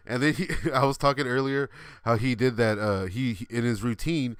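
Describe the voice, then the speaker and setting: A man's voice: mid-range voice, normal speed, a bit bright, no echo. A man in his thirties hosting a livestream, telling a rambling, laughing story with many fillers and some swearing. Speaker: livestream host.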